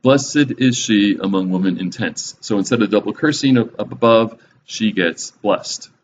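A man's voice: lowish voice, moderate pace. A man giving a casual, conversational Bible lesson with a wry, joking manner, on a slightly dull recording with faint hiss. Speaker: Bible teacher.

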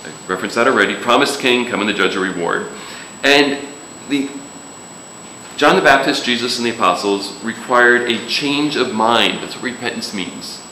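A man's voice: mid-range voice, moderate pace, sharp tone, slight background noise. A man preaching a sermon in a casual, joking way, with sudden emphatic rises. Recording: echoey room with faint ambience.

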